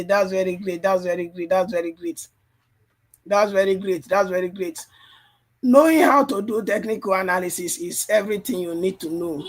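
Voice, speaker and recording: Man, fairly high voice, strained and tired, repetitive, live trading coach. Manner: repetitive, keeps asking "you understand?". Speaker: trading livestream host. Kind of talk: live chart analysis and coaching.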